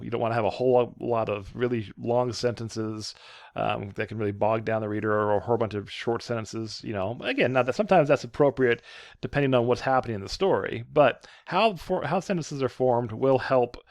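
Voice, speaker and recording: Gravelly-voiced man lecturing on writing. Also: on the low side, no echo, studio quality. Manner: casual, rambling, many fillers and restarts. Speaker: writing professor. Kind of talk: lecture with slides.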